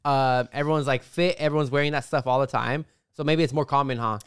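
A young man co-hosting a podcast, talking casually in an excitable, rambling, slangy way. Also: mid-range voice, fast talker, smooth, no echo, clean studio sound. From United States. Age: young adult. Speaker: podcast co-host. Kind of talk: casual chat.

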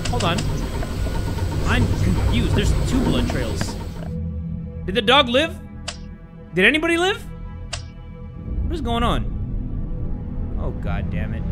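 Excitable young man playing games. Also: high voice. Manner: excitable, crude joking, loud outbursts. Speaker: gaming YouTuber. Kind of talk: let's-play commentary.

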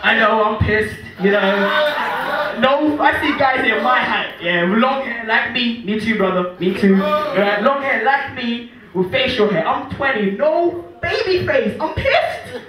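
Fast-talking young comedian, high voice. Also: male voice, crowd noise. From Angola. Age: 20s. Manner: fast, excitable, self-mocking. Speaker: stand-up comedian. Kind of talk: stand-up comedy. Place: comedy venue with live audience. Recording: distant, echoey live room, audience noise.

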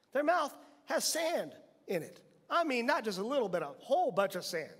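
A man, a pastor, preaching a sermon in a church, animated and full of rhetorical questions. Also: very high-pitched, moderate pace, hardly any pauses. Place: church sanctuary. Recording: long church hall reverb.

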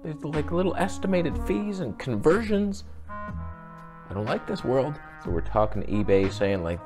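Animated man telling a story. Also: unhurried, music in the background. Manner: animated, acts out quoted dialogue with big pitch jumps. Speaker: camera YouTuber. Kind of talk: casual storytelling vlog.

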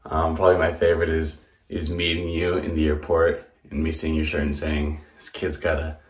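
A young man sending a friend laid-back, halting birthday wishes in a casual video message. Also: a bass voice, monotone. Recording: echoey room.

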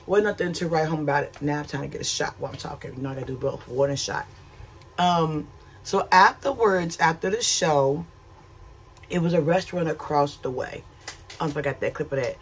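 A woman's voice: low-pitched, a little fast, slight background noise. A woman talking casually to her camera for a travel vlog, candid and chatty, filming outdoors and then aboard a ship. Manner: chatty, candid, uses y'all. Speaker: cruise vlogger.

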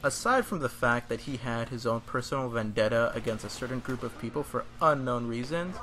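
A man's voice: medium pitch, animated, a little fast, fairly bright tone, a little hiss or hum. A young man hosting a gaming channel, talking casually and jokily over gameplay in a rambling, self-deprecating way.

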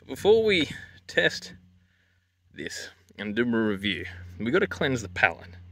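A man's voice: medium pitch, huge pitch swings, measured pace, bright, forceful tone. An Australian man doing a crude, swearing casual review vlog of drinks and snacks, full of larrikin banter.

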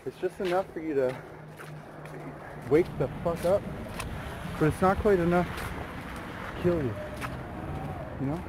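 A man's voice: a little high, takes it slowly, long pauses, background noise. A man talking casually to a handheld camera in a vlog, playful and joking. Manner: playful, joking, hums and sings silly sounds. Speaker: vlogger.

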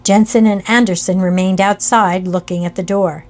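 A woman narrating a classic ghost story in a slow, measured reading voice. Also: medium pitch, fairly even intonation, a little mellow.

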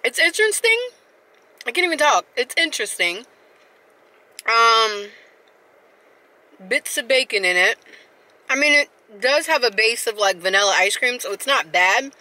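Bright-voiced woman vlogging. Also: fairly high pitch, animated, moderate pace. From South Carolina. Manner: rambling and chatty, talks straight to viewers. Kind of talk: casual vlog chat.

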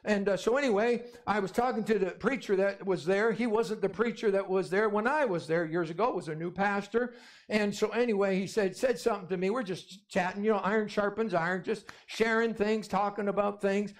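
High-voiced pastor preaching emphatically. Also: male voice, a little fast. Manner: emphatic, repetitive, calls for amens. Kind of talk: sermon.

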